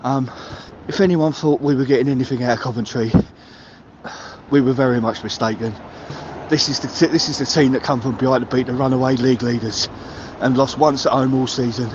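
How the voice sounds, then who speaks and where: A man's voice: steady tone, a little fast. A man leaves a furious voicemail and swears his way through a rant that keeps climbing in heat. His voice comes through a muffled line, with faint traffic noise behind him. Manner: heated, swearing, builds to shouting pitch. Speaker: caller leaving a voicemail. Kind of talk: angry football fan rant.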